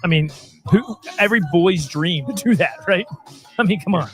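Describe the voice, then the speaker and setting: A man co-hosting a casual music stream, excitable and playful, quick to apologize. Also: sits high. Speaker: co-host. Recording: music playing behind.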